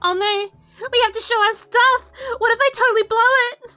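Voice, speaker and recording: A woman's voice: very high voice, moderate pace, faint music behind, voice pushed up. A woman voicing a nervous, eager young female culinary student, reading a dating game's lines aloud. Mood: panicky. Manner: excitable, rising into panic.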